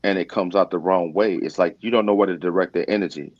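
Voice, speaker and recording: Man, mentor, very deep, measured, dry muffled recording. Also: no echo. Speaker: community mentor, panel guest. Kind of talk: casual panel discussion. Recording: slightly dull, dry sound.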